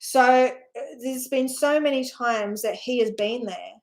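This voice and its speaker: A woman with a slightly high voice talks through deeply personal spiritual experiences. She rambles earnestly, sighing, leaning on "like" and asking "right?" as she goes. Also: a little slow, a little mellow. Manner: rambling, heartfelt, peppered with "like" and "right?"; earnest, emotional storytelling with sighs. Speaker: spiritual teacher.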